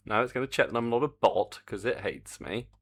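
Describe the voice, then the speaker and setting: A man streaming his game development, chatting casually and muttering in exasperation, humming to himself as he works. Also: mid-range voice. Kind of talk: casual live-stream chat while coding.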